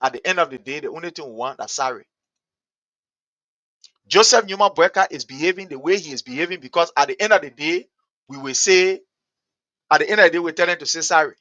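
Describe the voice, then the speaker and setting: A man with a Liberian English accent, hosting a show with impassioned, repetitive political commentary that builds to shouting. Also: fairly high pitch, quick pace, pauses often, dry recording, muffled recording. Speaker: talk show host.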